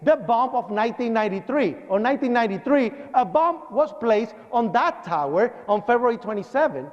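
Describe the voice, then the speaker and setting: A man giving an eyewitness account as a public lecture, telling it dramatically and acting out shouts and sounds. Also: very high voice, expressive, fairly quick. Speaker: eyewitness speaker. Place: lecture hall. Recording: reverberant hall, dull broadcast audio.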